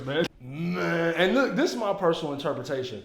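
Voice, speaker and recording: A man giving casual, emphatic movie commentary, excitable and full of profanity. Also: a little high, brisk, creaky. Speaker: movie reviewer. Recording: roomy echo.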